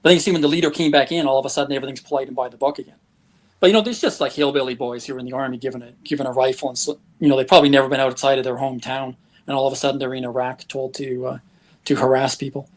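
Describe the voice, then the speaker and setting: A man's voice: medium pitch, racing. A man, a guest telling travel stories in a casual interview, breaking into chuckles. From Canada. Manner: lively anecdotes, chuckles often.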